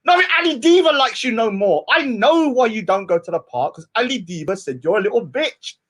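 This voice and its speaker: A high-pitched man rants and sneers at a rival, his pitch leaping up and down as he piles on insults. His tone is mocking and relentless, a taunting tirade. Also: expressive, brisk, fairly bright tone. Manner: mocking and insulting, mimics his target in a whiny voice. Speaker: street preacher and debater. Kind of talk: taunting rant addressed to a rival. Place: outdoors at a public speaking spot.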